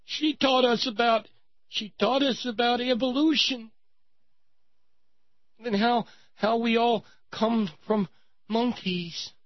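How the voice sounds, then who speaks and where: A man voicing a tearful nine-year-old girl who wails and tattles in a high, whiny voice. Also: slow, long pauses, dry recording, muffled recording. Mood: whiny tattling.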